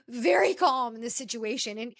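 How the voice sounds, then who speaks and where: A woman hosts a casual podcast and tells stories in an animated way, exclaiming often. Her voice is high. The sound is dry and close, with no room echo. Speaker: podcast host.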